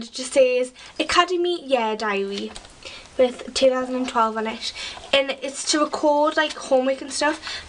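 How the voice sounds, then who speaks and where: Chatty high-voiced teen girl. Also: a bit bright, distant mic, a little hiss or hum, low-quality recording. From England. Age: teens. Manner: chatty and rambling, full of "like" and "sort of". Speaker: vlogger. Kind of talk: casual chat.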